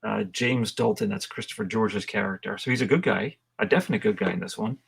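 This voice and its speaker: Gravelly, husky man, halting talk. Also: fairly low pitch. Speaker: podcast co-host. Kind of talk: casual chat.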